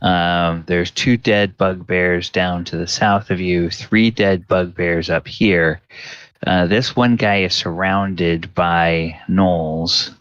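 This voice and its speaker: Man, dungeon master, halting narration, very slow pace, dull lo-fi sound. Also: deep voice, fairly even intonation, a bit bright, clean tone, no room sound. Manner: halting, full of fillers and restarts. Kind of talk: narrating a tabletop game.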